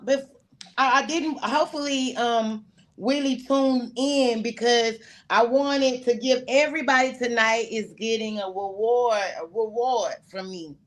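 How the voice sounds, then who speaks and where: High-voiced teasing woman comedian. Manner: teasing, giggly, bawdy jokes. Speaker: comedian panelist. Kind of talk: playful comedy banter. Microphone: video call.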